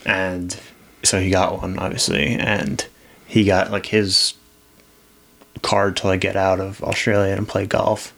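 Low gravelly man, rambling. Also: flat delivery, measured pace, fairly bright tone. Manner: rambling storyteller, loose and joking. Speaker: podcast co-host. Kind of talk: casual chat.

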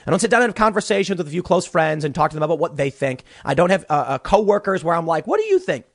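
A man's voice: a little high, racing, no room sound. A young man hosting a political commentary show from a small closet studio, ranting animatedly and stammering through repeated words. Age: young adult.

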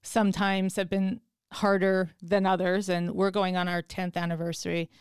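A woman's voice: lowish voice, flat delivery, moderate pace, clear, resonant tone, no echo, clean studio sound. A woman hosting a podcast in casual chat, telling stories with animation and acting out her own quotes. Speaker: podcast host.

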